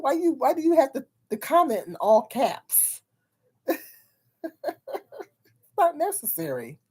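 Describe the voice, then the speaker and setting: A woman's voice: a little high, darkish tone, husky. A woman hosting a casual livestream who rambles, repeats her words and breaks into laughter often while talking frankly to her viewers. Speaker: livestream host.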